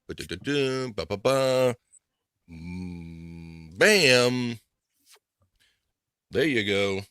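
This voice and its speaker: A man's voice: mid-range voice, sharp tone, no room sound. A man hosting a casual live podcast, rambling, laughing and muttering to himself as he reads chat. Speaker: podcast host.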